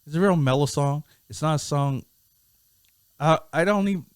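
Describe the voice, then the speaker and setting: A man co-hosting a casual music review podcast, talking in a laid-back, halting way and laughing often. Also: a little high, smooth, no echo. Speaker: podcast co-host.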